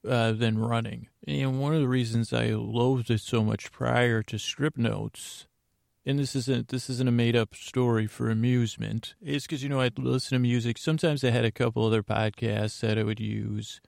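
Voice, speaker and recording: A man hosts a bedtime podcast, drifting from thought to thought with wry asides and frequent restarts. His voice is gravelly and stays level in pitch, recorded close and dry with faint music beneath. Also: fairly even intonation, moderate pace, darkish tone, dry recording. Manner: meandering, self-interrupting, wry asides. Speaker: podcast host. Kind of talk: rambling bedtime podcast monologue.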